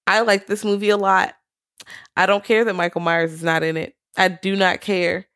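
A woman's voice: medium pitch, level tone, normal speed, a bit bright. A woman co-hosting a casual horror movie chat, emphatic and defiant. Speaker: podcast co-host.

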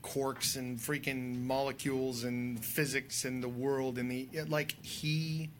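A man speaking as a guest on a casual podcast chat, telling stories in an animated, conversational way with filler words. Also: mid-range voice, slow, slight background noise. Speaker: guest filmmaker and drone pilot.

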